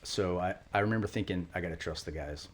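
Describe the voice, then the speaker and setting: A middle-aged man, a retired Marine, telling war stories quickly in an interview, acting out quotes. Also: low-pitched. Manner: fast, animated war storytelling with acted quotes. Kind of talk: storytelling interview.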